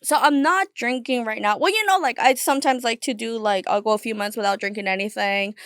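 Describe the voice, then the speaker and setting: A woman's voice: on the high side, brisk, a bit bright, dry recording, clean studio sound. A young adult woman chatting as a guest on a podcast, rambling with lots of fillers and laughing often. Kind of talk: casual chat.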